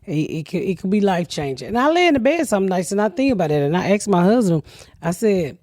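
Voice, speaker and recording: A woman's voice: medium pitch, big pitch swings, quick pace, warm tone, no echo, studio quality. A middle-aged woman hosting a podcast, telling stories in a brash, profane way with lots of laughter. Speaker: podcast host. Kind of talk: casual podcast chat.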